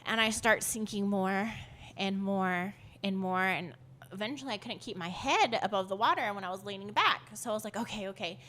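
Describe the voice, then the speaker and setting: A woman's voice: mid-range voice, moderate pace, fairly bright tone. Chatty woman telling a story. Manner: rambling, filler-heavy, laughs often. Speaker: podcast guest. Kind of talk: casual storytelling.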